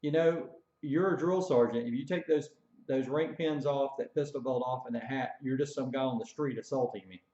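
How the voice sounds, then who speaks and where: A man voicing a calm, polite young male army recruit who stands firm. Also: mid-range voice, moderate pace, natural voice. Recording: dull echoey room recording.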